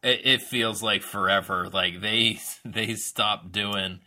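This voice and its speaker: Casting laid-back male podcast co-host with a low pitch and a bright, forceful tone. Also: fairly even intonation, slow. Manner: laid-back, hesitant with fillers. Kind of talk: casual chat.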